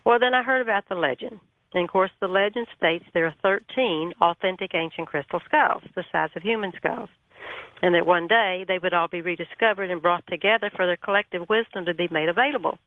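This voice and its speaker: A woman guest on a radio talk show, retelling her story in a folksy, animated way over the telephone. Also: fairly low pitch, a little fast, no room sound. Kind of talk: storytelling on a call-in interview. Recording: tinny phone line.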